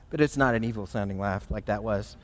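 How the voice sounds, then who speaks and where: A man, a pastor, preaching a sermon in an animated, emphatic way. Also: lowish voice, long reverb tail, slight background noise.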